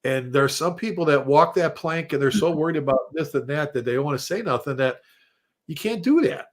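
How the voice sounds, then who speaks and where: A man's voice: a little high, a little fast. A man, a retired fire chief, telling blunt, salty stories on a casual panel and acting out the voices of the people he quotes. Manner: animated storyteller who acts out quoted voices.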